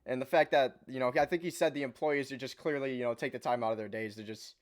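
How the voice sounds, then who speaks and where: A man's voice: mid-range voice, fast talker, smooth. Easygoing male podcast host. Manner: relaxed, loose interviewer with filler phrases. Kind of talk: casual chat.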